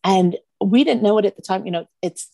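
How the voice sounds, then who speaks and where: A middle-aged woman, a guest, telling a personal story earnestly, with pauses and restarts. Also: mid-range voice, vocal fry, dark tone, no room sound.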